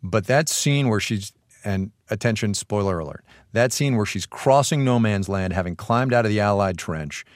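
A man co-hosting a podcast in a studio, chatting casually with quick jokes and asides. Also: lowish voice, dry recording. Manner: animated, joking, quick asides. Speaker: podcast co-host. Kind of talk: casual chat. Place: radio studio.

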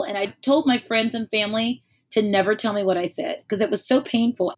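A woman telling a personal story in casual speech, candid and wry, swearing and acting out what people said. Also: fairly high pitch.

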